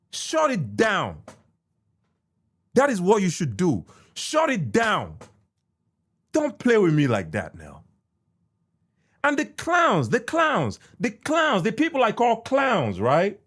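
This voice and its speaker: A Nigerian man with a Nigerian accent, a podcast host giving heated, repetitive commentary that swings from shouts to muttered asides. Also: sits high, huge pitch swings, slow pace.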